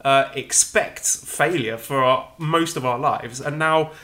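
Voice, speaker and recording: A man's voice: mid-range voice, slow, bright, forceful tone. An English man co-hosting a podcast in casual chat, chatty and self-deprecating, restarting his sentences often. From England. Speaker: podcast co-host.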